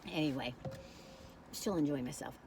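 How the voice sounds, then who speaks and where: A woman's voice: low-pitched, moderate pace, noisy background. Rambling, chatty woman food reviewer. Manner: rambling, chatty storytelling, often losing her thread. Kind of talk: casual vlog chat while tasting food.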